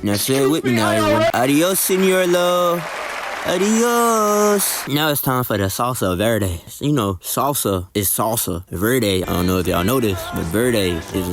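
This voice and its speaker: A young man narrating a cooking video in a joking voice-over, putting on a mock accent and sprinkling in Spanish words. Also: lowish voice. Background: music.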